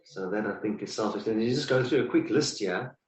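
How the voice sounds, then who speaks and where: A man reading aloud from a book in a study session, halting with restarts. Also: on the low side, echoey room, far from the mic, a little hiss or hum, low-quality recording. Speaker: study partner.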